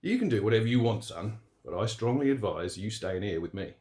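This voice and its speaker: A man voicing a stubborn old male truck driver, gruff and insistent. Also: fairly low pitch, expressive, fairly quick, darkish tone, lightly acted. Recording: roomy echo.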